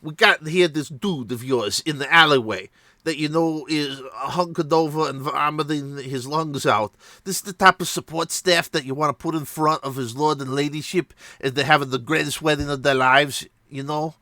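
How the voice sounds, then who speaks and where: A man's voice: fairly high pitch, normal speed, bright, forceful tone, no room sound, studio quality. A man putting on a blustering fake manager, thick accent. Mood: scolding. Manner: put-on thick accent, bossy and scolding. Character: blustering fake male manager scolding staff.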